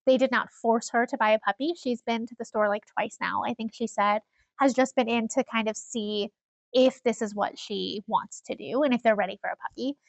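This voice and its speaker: A woman co-hosting a casual chat podcast, telling stories with animated energy and frequent laughs. Her voice is a little high with a gravelly edge. The sound is dry and close. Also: normal speed, no echo. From Iowa. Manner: animated storyteller, laughs often, acts out quoted people. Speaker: podcast co-host.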